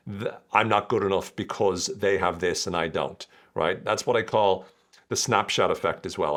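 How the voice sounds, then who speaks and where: A man's voice: low voice, a bit bright. Chatty man hosting a podcast. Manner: chatty, jokey, acts out quoted voices. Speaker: podcast host. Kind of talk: casual explanatory monologue.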